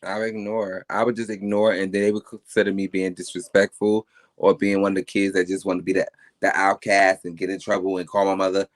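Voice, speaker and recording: A man with a New Jersey accent, a podcast guest telling stories in casual chat, emphatic and animated, swearing freely. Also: deep voice, a little fast.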